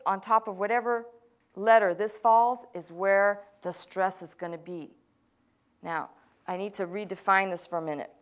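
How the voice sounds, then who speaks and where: A woman pastor teaching a language class, explaining patiently step by step with casual asides. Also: medium pitch.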